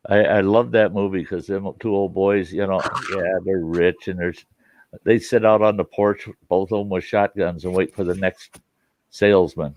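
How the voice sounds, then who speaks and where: A man's voice: low-pitched, steady tone, moderate pace, darkish tone, no echo. A man chatting casually on his show, telling movie stories in a rambling way and laughing at his own retellings. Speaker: show host. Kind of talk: casual chat.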